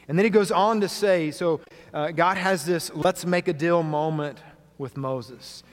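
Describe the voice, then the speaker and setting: Man preaching, kinda high voice, earnest, sinks quiet to stress stuff, big church echo. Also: unhurried. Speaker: pastor. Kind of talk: sermon. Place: church sanctuary. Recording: long hall reverb.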